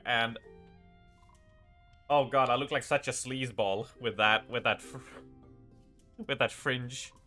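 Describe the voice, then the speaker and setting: A man's voice: mid-range voice, sharp tone, clean tone. A male streamer chatting casually with his viewers during a live game stream, joking and rambling as he goes. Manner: joking, rambling, often laughing at himself. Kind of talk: casual live-stream chat while gaming.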